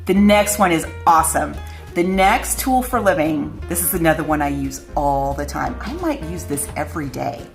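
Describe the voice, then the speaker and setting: A woman's voice: low-pitched, lively intonation, normal speed, vocal fry, faint music behind. A middle-aged woman vlogger telling a personal story to camera, chatty and candid, often laughing at herself.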